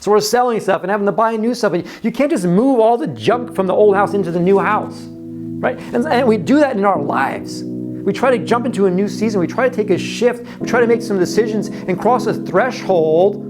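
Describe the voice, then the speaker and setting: A man's voice: high voice, lively intonation, fairly quick, music in the background. Conversational man preaching a sermon. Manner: conversational preaching, often repeating words. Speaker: pastor.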